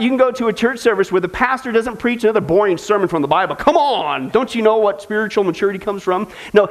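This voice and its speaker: A man teaching a Bible study, mocking what he describes with sarcastic jokes and laughs at his own lines. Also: high-pitched. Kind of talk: mocking sermon commentary.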